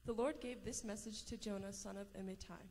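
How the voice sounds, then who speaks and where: A woman reads a long Bible passage aloud at an even pace, stumbling now and then and restarting a word. The sound is a hall with a long echo and a faint hum of room ambience behind her. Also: mid-range voice, a little fast. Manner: steady reading with small slips and restarts. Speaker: scripture reader. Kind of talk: reading scripture aloud.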